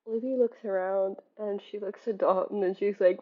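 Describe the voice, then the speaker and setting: A woman's voice: medium pitch, fairly even intonation, normal speed. A young woman giving a casual, sarcastic book critique, full of exasperated asides and laughter. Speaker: book reviewer. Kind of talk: casual video essay. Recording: slightly muffled lo-fi audio.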